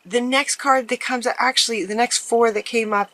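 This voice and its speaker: Gentle encouraging woman tarot reader. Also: on the high side, measured pace, few pauses, poor audio. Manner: gentle, encouraging, repeats phrases. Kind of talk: casual tarot reading to viewers.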